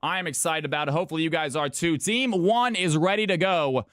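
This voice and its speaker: Excitable high-voiced male streamer. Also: fairly quick, no echo, studio quality. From California. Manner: excitable, shouts and cheers at chat. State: out of breath. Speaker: streamer hosting viewer games. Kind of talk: live-stream hype commentary.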